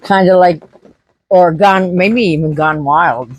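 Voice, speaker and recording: A woman's voice: lowish voice, slow pace, dull audio. A woman homestead vlogger chatting casually to camera, telling a story with acted-out quotes.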